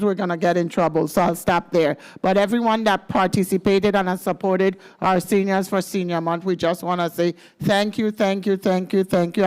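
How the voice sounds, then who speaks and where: A woman's voice: on the low side, darkish tone, smooth. Upbeat Virgin Islands woman speaking. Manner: upbeat, playful, leads chants. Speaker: government senior services official. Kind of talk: speech at a legislative ceremony.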